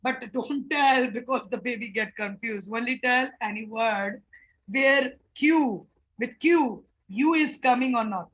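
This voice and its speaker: A woman, teaching a phonics workshop, explaining slowly and repeating sounds. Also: a little high, fairly bright tone, poor audio. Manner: slow, repetitive explaining with drawn-out sounds. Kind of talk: online phonics class for teachers.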